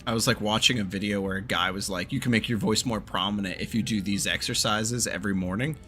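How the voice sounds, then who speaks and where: A man's voice: lowish voice, fairly even intonation, fast, pushed and bright, faint music behind. A man hosting a stream, chatting casually over a voice call and rambling through stories with frequent laughs. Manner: rambling storyteller, laughs often. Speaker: streamer host. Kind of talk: casual chat.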